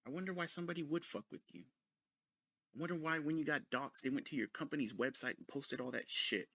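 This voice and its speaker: A man's voice: on the high side, steady tone, fast talker, pushed and bright, no room sound, clean studio sound. A man ranting in a sarcastic, mocking commentary full of profanity. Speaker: commentary video host.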